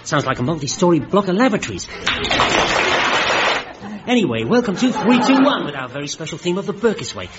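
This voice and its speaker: A man playing a brash game show host in a comic radio sketch, firing off rapid punning patter. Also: high-pitched, big pitch swings. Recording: dull old radio recording with loud audience and noise.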